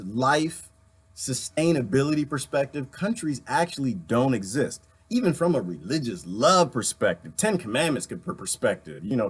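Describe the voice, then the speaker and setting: A man in a casual ranting monologue to viewers, talking into a phone, his voice swinging from loud to soft and breaking into laughs. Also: a little high, breathy edge. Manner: animated, swings loud and soft, laughs often, talks to chat. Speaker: online talk host.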